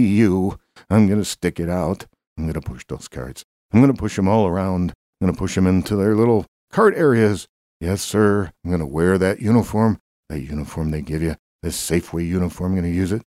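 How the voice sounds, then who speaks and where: A man's voice: low-pitched, moderate pace, dark tone, no room sound, clean studio sound, natural voice. A man voicing a simple, eager jobless drifter who rambles and repeats himself in an improvised comedy bit. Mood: determined.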